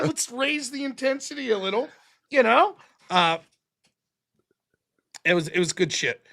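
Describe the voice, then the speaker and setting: A man hosting a casual live stream, reading out donations and telling stories, excitable, with sudden loud bursts between mumbled asides. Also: high voice. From United States. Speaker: stream host.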